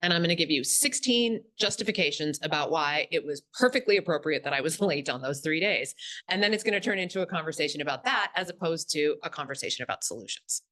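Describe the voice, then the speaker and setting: A woman's voice: low voice, fast, dry recording. Woman explaining in a dry, close voice. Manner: animated, acts out example dialogue. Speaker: communication expert guest. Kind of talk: explanatory interview talk.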